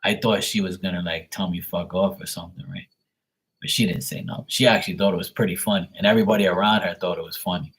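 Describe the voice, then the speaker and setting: A man's voice: deep voice, fairly even intonation, fast, fairly bright tone, breathy edge, rough recording. A man hosting a live stream, telling loose, profane stories in casual chat and laughing at his own jokes.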